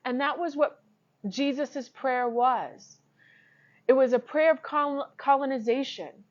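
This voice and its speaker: A woman's voice: sits high, takes it slowly, lo-fi sound. A woman giving an informal, earnest sermon to camera, emphatic and laughing often. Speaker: Christian teacher.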